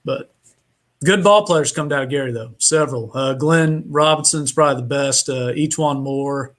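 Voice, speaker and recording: A man's voice: mid-range voice, normal speed, a bit bright. A man from Indiana, a podcast guest on a remote call, telling a story in a rambling, casual way with many fillers and restarts.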